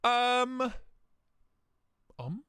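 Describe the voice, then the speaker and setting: A man's voice: very high-pitched, lively intonation, extremely slow, pushed and bright, smooth, no echo, clean studio sound. A man hosting a casual livestream, joking and rambling as he greets viewers by name. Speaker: livestream host.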